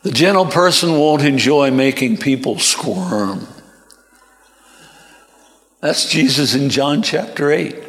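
A man preaching a sermon slowly and deliberately, lifting his voice sharply when he quotes others. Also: medium pitch, a bit bright. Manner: slow, deliberate delivery that rises sharply when quoting. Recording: long reverberant hall.

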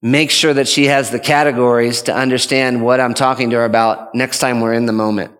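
A man's voice: medium pitch, level tone, a little fast, fairly bright tone, smooth, long reverb tail. A man giving an earnest, conversational teaching talk on parenting as a father, often restarting his sentences. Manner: earnest, rambling with frequent restarts.

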